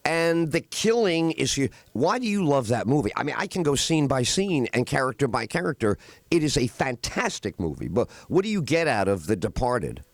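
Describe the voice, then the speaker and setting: A man hosting a radio talk show, telling film scenes with animated delivery. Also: mid-range voice, normal speed, no echo. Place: radio studio.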